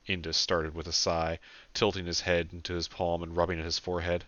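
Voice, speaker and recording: A man, the author, narrating his own audiobook in a plain, steady manner. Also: sits low, normal speed, no room sound, highs cut off.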